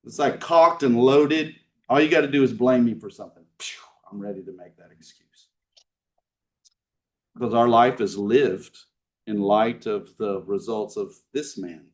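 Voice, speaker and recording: A man preaches a sermon in a church sanctuary. He talks in a plain, conversational way and keeps asking his listeners questions. He leans hard on some lines and drops to a hush on others, and his voice comes from some distance from the mic. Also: mid-range voice, measured pace. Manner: conversational preaching with rhetorical questions, swinging between emphatic and hushed. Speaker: pastor.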